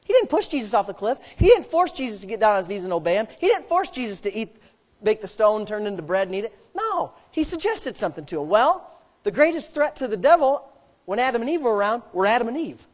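A middle-aged man, a pastor preaching a sermon that swells from plain storytelling into loud, emphatic declarations. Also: very high voice.

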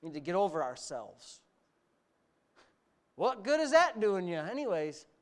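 A middle-aged man preaching a sermon, animated and sarcastic, rising to near-shouts. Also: high voice, clear, resonant tone. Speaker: pastor.

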